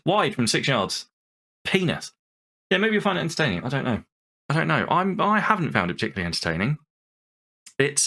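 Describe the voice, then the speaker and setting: Brief: male game streamer, bright forceful tone, swears and rants while calling the play. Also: fairly high pitch, vocal fry. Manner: exasperated, swearing, ranting; lively play-by-play over a football game. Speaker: gaming channel host. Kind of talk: let's-play commentary.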